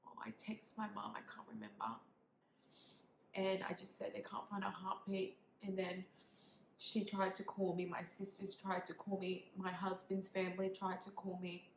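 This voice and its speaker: A young woman tells a painful personal story to camera, halting and emotional, with many fillers and quiet, whispered moments. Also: mid-range voice, creaky. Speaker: vlogger. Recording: echoey room with faint background noise.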